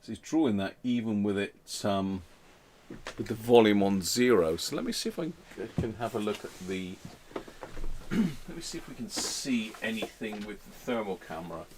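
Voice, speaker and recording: A man's voice: on the low side, lively intonation, moderate pace, darkish tone, slight background noise. A man hosting a radio repair channel, chatting casually with viewers while he works and thinking aloud with trailing fillers.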